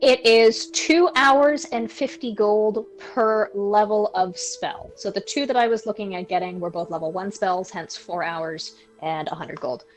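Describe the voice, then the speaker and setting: A woman's voice: mid-range voice, fairly even intonation, unhurried, few pauses, faint music behind, poor audio. A woman playing a tabletop game, explaining rules in a matter-of-fact way. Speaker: player. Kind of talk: casual chat at a tabletop game.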